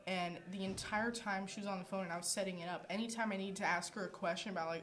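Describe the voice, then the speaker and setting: A young woman hosts a podcast, talking in a loose, giggly, rambling way full of filler words. Her voice sits at an ordinary middle pitch. A faint hiss runs under the podcast-mic sound of a small room. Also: fairly even intonation, fast talker, few pauses, fairly bright tone. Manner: bubbly, rambling, heavy on filler words, laughs often. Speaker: podcast host. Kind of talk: casual podcast chat. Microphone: podcast microphone.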